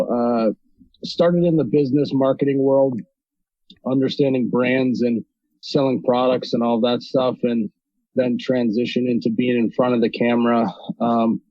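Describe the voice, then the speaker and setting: Man from North Dakota, flat steady delivery. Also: mid-range voice, dry recording, highs cut off. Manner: relaxed, with many ums and restarts. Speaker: podcast guest, video creator. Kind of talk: casual interview talk.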